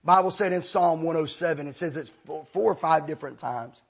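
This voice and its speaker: A man preaching a sermon, telling a story and then leading the room in hushed prayer. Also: a little high, fairly quick, creaky, husky.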